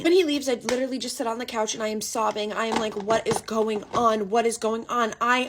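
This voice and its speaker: A young woman in her twenties narrating a storytime tale in a chatty, dramatic way, dropping to a hush and then bursting with excitement. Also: fairly high pitch, slightly rough. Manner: chatty and dramatic, swings between hushed and excited.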